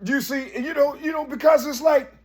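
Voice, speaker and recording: A high-pitched man holds forth in a loose, rambling monologue, circling back with "you see" again and again. He swears freely and pushes his voice up hard when he wants to stress a point. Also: fairly even intonation, moderate pace. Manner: repetitive, keeps saying "you see", profane; emphatic, raises voice at points. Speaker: vlogger.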